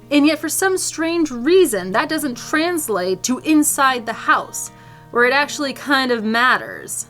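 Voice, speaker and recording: A woman vlogger telling a comic story to camera in an animated, theatrical, playfully indignant way. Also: on the high side, normal speed, soft background music.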